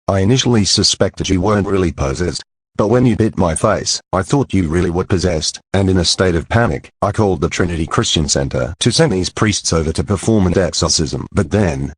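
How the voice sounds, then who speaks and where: A man's voice: deep voice, slightly rough, dry recording. A synthetic male voice playing a stern school principal in a cartoon, scolding and making announcements. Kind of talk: text-to-speech cartoon dialogue.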